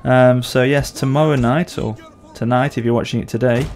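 A man's voice: medium pitch, steady tone, normal speed, darkish tone. A man in his thirties hosting a casual, jokey multiplayer game session, laughing often. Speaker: gaming channel host. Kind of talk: casual multiplayer gameplay chat.

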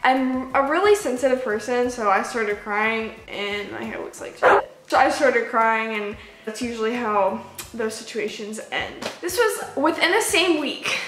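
A young woman with a high, bright-toned voice chats her way through a storytime vlog. She is animated and lively, slipping into the voices of the people she quotes. The room around her is noticeably echoey. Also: measured pace, noisy background. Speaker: vlogger. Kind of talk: casual storytime.

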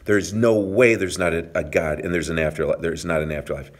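Low-voiced fifties man, personal trainer vlogging, earnest and heartfelt storytelling. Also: fairly even intonation, fairly quick. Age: 50s. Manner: emotional, earnest, talks straight to viewers.

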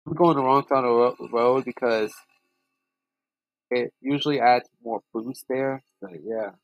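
Gravelly young man swearing through a game. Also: medium pitch, unhurried, dry recording, highs cut off. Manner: profane, excitable. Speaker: gaming channel host. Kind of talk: casual gameplay commentary.

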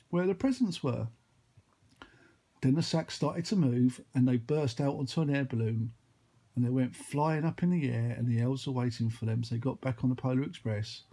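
Storyteller: man with a husky, slightly high voice, rambling made-up tale with sound effects. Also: warm tone. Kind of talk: improvised storytelling.

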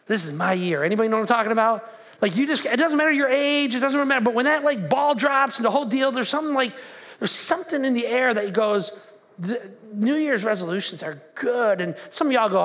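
A man preaching a sermon to his church, animated and calling out questions to the congregation. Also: extremely high pitch, brisk. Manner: animated, talks to the crowd with questions. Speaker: pastor. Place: church auditorium.

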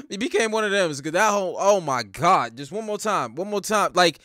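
A man hosting a reaction video, giving animated, slangy commentary full of profanity and laughing asides. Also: on the high side, brisk, few pauses, dry recording, clean studio sound. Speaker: reaction channel host.

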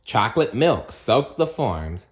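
A man reading a children's storybook aloud with slow, expressive storytelling. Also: mid-range voice. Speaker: narrator.

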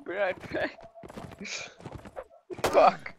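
A young man reacting quickly with exclamations while playing a game in voice chat. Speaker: clan player. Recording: noisy voice chat line.

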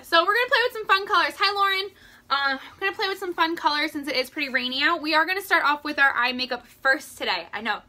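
A woman's voice: sits high, bright, forceful tone. A young woman hosting a casual live makeup tutorial at home, chatty and rambling, greeting viewers by name as she works. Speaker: makeup livestream host. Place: at home indoors.

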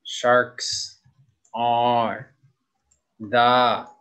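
A young adult man teaching an English grammar lesson, slowly stretching out key words as he models them for students. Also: medium pitch, little pitch movement, a bit bright, clean tone, rough recording.

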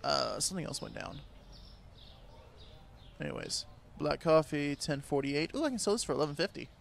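A young man giving casual, sarcastic gameplay commentary, swearing a lot and yelling at the customers in the game. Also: fairly high pitch, very animated, moderate pace, vocal fry. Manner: jumps between mutters and loud outbursts. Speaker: gaming video creator.

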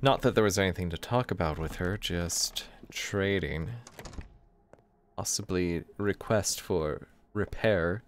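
A man's voice: deep voice, takes it slowly, a little hiss or hum. A man giving casual, rambling commentary while playing a video game, with self-deprecating asides, reading game dialogue aloud in his own voice. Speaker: let's play gamer.

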